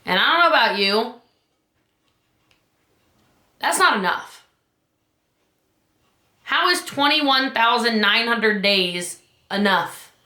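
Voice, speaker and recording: An urgent, emphatic woman coach rallies her audience with a bright, forceful voice. Her pitch jumps on the points she stresses. The room around her sounds echoey. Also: lively intonation, takes it slowly, pauses often. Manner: emphatic, urgent, rises high on key points. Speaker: business coach. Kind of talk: motivational talk.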